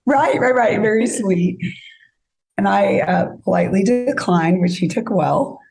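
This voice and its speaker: Woman guest, warm low voice with vocal fry, casual storyteller. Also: a little slow. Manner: chatty, acts out both sides of conversations.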